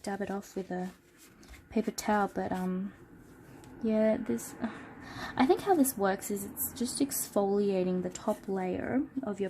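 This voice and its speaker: A woman with a cold gives a casual, unscripted product review into a smartphone. Her voice is nasal and her tone is warm and mellow. She talks through her work loosely, with frequent ums and pauses. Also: medium pitch, gravelly, a little hiss or hum. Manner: relaxed, thinking aloud with many ums while working. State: sick with a cold. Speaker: art channel host.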